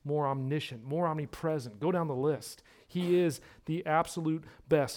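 A male pastor preaching a sermon, stressing his points by repeating words and swinging between hushed lines and loud ones. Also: a little high, normal speed, hardly any pauses.

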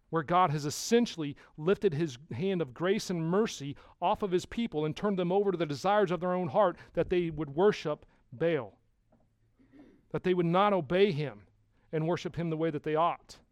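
A man preaching a sermon to his congregation, emphatic and conversational, dropping quiet and then rising loud for emphasis. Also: fairly high pitch, dry recording, clean studio sound. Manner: conversational with restarts, addresses congregation. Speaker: pastor.

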